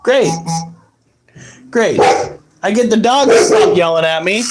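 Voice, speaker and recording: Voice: mid-range voice, expressive, measured pace, over loud music. A pet owner talking casually to their dogs at home at night, exasperated and swearing freely at them. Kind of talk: casual talk to dogs while filming. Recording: noisy home recording, dogs around.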